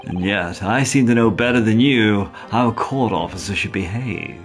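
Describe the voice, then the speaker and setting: A man's voice: fairly low pitch, moderate pace, natural voice. A man voicing a posh English defence lawyer in a game, speaking with lofty assurance. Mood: haughty. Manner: crisp, lofty, assertive. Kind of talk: voicing game characters on a stream.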